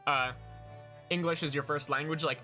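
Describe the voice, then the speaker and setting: A man's voice: a little high, steady tone, normal speed, sharp tone, soft background music. A young man casually commenting as he streams a game, joking and swearing freely. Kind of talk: let's play commentary.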